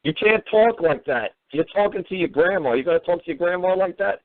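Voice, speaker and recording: A man's voice: high voice, expressive, brisk. A man hosting a call-in talk show, scolding a caller in a profane, sarcastic way. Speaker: host. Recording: phone-quality radio audio.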